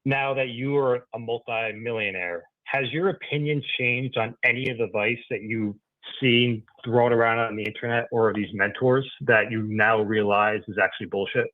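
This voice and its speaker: A man's voice: medium pitch, dry recording. A man calling in to an advice show and asking a follow-up question in an agreeable way. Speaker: caller. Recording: tinny phone line.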